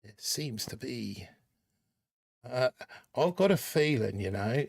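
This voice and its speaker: A man's voice: mid-range voice, expressive, takes it slowly, creaky, breathy edge, dry recording, clean studio sound. A man hosting a casual live stream in a put-on Australian accent, rambling and joking as he reads out chat names. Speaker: livestream host.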